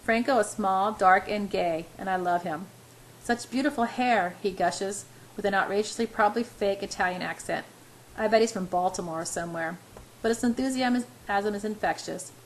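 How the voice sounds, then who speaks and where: A woman reading a first-person romance story aloud in a plain, steady way. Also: mid-range voice, normal speed, slight background noise, rough recording. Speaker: reader.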